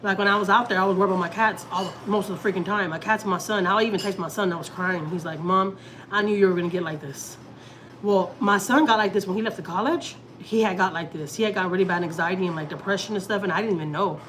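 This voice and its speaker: A woman's voice: mid-range voice, fast, fairly bright tone, slight background noise, poor audio. A woman from Texas talking casually as a family vlogger, rambling and emotional, with lots of restarts and fillers. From Houston, Texas. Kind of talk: casual personal chat.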